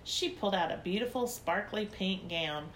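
A woman's voice: medium pitch, lively intonation, normal speed. A woman narrating a children's story in first person, in a chatty, childlike little-girl voice. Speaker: audiobook narrator.

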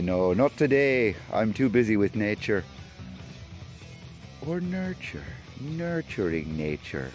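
A man's voice: lowish voice, a little mellow. A man hosting a solo podcast, talking in a loopy, wandering, jokey way. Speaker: podcast host. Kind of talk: rambling solo podcast chat.

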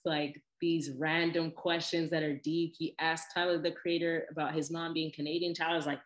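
A woman talking casually about the interviewers who inspire her, animated and full of asides. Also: low-pitched, moderate pace, few pauses, faint music behind. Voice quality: animated, lively with laughs and imitated voices. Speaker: podcast host. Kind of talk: casual chat. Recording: echoey room.

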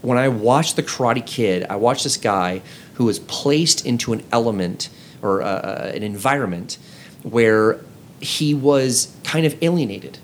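A man's voice: mid-range voice, expressive, measured pace, a little hiss or hum. A man co-hosting a casual podcast among friends, telling stories earnestly and acting out the lines he quotes. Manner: earnest storytelling, acting out scenes in quoted voices. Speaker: podcast co-host.

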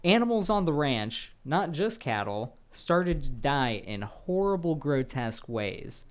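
A man's voice: on the high side, big pitch swings, a little slow, smooth. A man co-hosting a podcast, telling a paranormal story in a loose, chatty way with swearing and laughter. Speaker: podcast co-host. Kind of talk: casual podcast chat.

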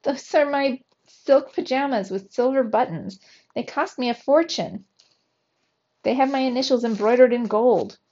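A woman voicing a fussy, excitable grown male mouse who complains loudly in a shrill voice, heard on a dull lo-fi recording. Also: unhurried. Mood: outraged.

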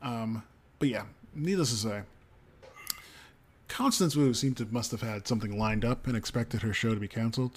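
A man co-hosting a podcast, reading entertainment news aloud with frequent ums and casual asides. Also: medium pitch. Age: adult parent of a young child. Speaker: podcast co-host.

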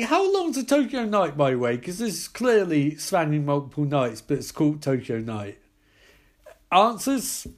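A young man recapping a horror film, full of sarcastic, profane asides. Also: a little high. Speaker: film reviewer.

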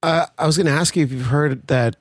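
A man's voice: on the high side, quick pace, husky, dry recording, studio quality. A man co-hosting a casual podcast chat, easygoing and hesitant, with many fillers. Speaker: podcast co-host.

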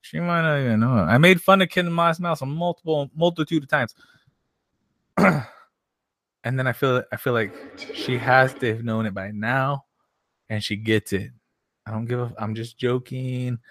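A man's voice: mid-range voice, fairly even intonation, moderate pace, long pauses, a bit bright, no echo, studio quality. Profane, rambling male streamer. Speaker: livestream host. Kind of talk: casual livestream chat.

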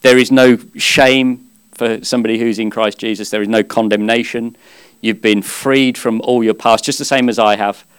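A man preaching a sermon at a church service, earnest and conversational, with gentle humor. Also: medium pitch, fairly even intonation, normal speed, clean tone.

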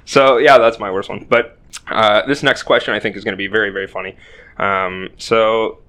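A man's voice: fairly low pitch, fairly even intonation, normal speed, a bit bright. A young man telling a rambling, self-deprecating story in casual podcast chat, swearing freely. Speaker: podcast co-host.

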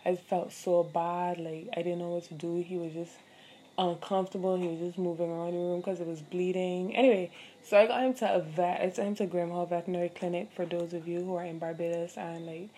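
A woman's voice: lowish voice, little pitch movement, brisk, warm tone, a little hiss or hum. A young adult woman hosting her own podcast, telling a story in a candid, profane, chatty way with lots of fillers. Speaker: podcast host. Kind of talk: casual solo podcast storytelling.

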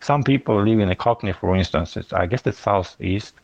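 A man co-hosting a podcast, chatting casually in a hesitant, halting and apologetic way. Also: fairly low pitch, a little mellow, no echo, dull audio. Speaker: podcast co-host. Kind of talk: casual chat.

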